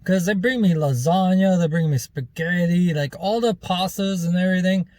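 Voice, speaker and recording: A man's voice: high-pitched, normal speed, darkish tone, no room sound. A man vlogger telling a rambling, loose story in casual chat, with plenty of fillers and some swearing.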